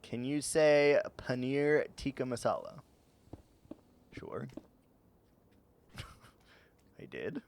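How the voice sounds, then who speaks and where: Guy streaming games, giggly and teasing, bouncy lively pitch, slow easy talk. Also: gravelly, slight background noise. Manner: giggly, laughs at his own jokes; teasing, playful banter with chat. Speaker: game streamer. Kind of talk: casual live-stream chat while gaming.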